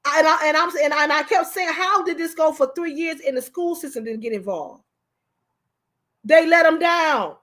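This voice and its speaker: A high-voiced woman hosts a live commentary stream. She talks with fiery, emotional passion and breaks into shouts when she gets worked up. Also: normal speed. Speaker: livestream host.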